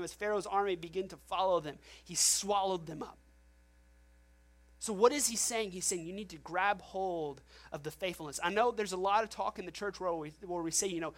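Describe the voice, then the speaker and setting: Woman preacher, middle-aged, chatty animated sermon delivery, mid pitch. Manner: lively, conversational preaching with acted quotes and laughs.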